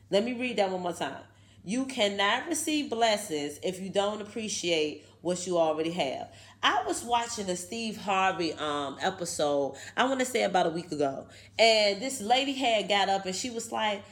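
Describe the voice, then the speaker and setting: A woman's voice: medium pitch, lively intonation, normal speed. A woman, giving a casual, emphatic motivational talk to her viewers and tagging many lines with "okay". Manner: chatty, emphatic, keeps saying okay. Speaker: video host.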